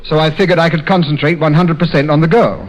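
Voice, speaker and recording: British comic guest, slightly raised pitch, dry and rueful, dull 1930s radio sound. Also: male voice, fairly even intonation, quick pace. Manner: dry, rueful, self-deprecating delivery. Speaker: comedy guest. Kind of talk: 1930s radio comedy banter. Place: radio studio.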